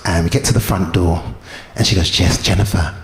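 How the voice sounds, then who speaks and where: A man's voice: deep voice, a little fast. Man in his fifties doing stand-up. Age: 50s. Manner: animated storytelling with put-on voices. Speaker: stand-up comedian. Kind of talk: stand-up comedy set. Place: comedy club stage. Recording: echoey club room with crowd noise.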